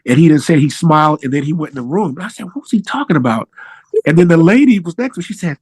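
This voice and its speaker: A middle-aged man with a high voice tells a story to his interviewer. His talk is casual and animated, and it leaps upward when he gets excited. The sound is dry and close, with no room echo. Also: quick pace, slightly rough. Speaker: musician guest.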